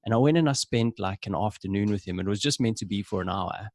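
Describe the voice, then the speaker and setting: Guest: young South African man, low voice, loose chatty storyteller, dry sound. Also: fast, no room sound. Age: young adult. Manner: relaxed storytelling with fillers. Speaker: podcast guest. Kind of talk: casual interview chat.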